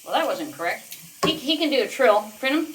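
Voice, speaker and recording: A woman's voice: a little high, big pitch swings, fairly quick, slight background noise. Woman sing-songing baby talk to her parrot. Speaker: vlogger, parrot owner. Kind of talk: casual home vlog. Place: home bathroom. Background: faint running tap water.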